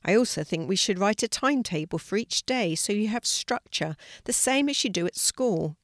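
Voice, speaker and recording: An older woman reading a storybook, voicing a kind, calm mother who speaks gently. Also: mid-range voice, normal speed, dry recording, clean studio sound, close to an everyday voice.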